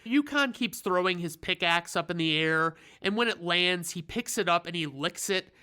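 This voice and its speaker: A man's voice: sits high, normal speed, pushed and bright, smooth. A man giving a comedic, sarcastic movie recap, rambling and swearing freely. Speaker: reviewer.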